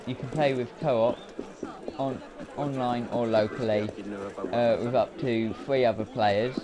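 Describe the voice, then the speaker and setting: Slow, rambling man commenting on a game. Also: medium pitch, fairly even intonation. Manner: rambling, hesitant, lots of filler words. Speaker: let's play commentator. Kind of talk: casual gameplay commentary. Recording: game audio noise behind voice.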